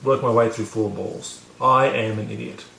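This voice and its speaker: A man's voice: on the low side, moderate pace, vocal fry, pushed and bright, roomy sound. A man casually telling a story to camera, rambling with many fillers and restarts, poking fun at himself. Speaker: vlogger teaching about learning.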